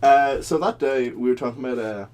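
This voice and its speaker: A young man, co-hosting a podcast in casual chat and teasing his friend with quick banter. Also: medium pitch, a little mellow. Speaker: podcast co-host.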